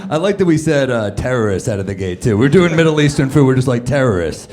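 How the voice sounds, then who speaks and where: A man, a guest comedian on a live podcast, riffs wryly on a club stage. His voice sits in an ordinary middle pitch. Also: expressive, fast, darkish tone. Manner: wry, joking riffs.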